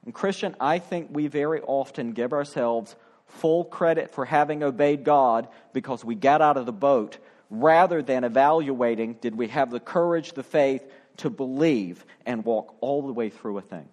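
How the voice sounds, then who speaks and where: A man's voice: medium pitch, moderate pace, a little mellow. A middle-aged male pastor preaching a sermon, acting out the quoted voices with drama.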